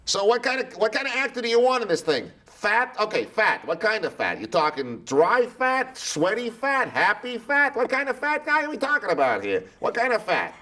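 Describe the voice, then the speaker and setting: A pushy television casting hustler , as a man puts him on, pitched way up above his normal voice. He fires off badgering questions one after another, never waiting for an answer. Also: huge pitch swings, pushed and bright, exaggerated voice. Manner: rapid-fire badgering questions. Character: pushy fast-talking male television casting guy.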